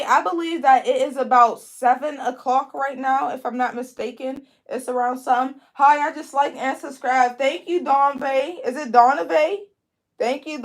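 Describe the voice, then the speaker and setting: A young woman from Pennsylvania with a Pennsylvania accent, chatting with viewers as she teaches braiding on a livestream. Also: high-pitched. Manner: chatty, talks to viewers as "y'all". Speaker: braiding instructor hosting a livestream. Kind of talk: live tutorial with chat reading.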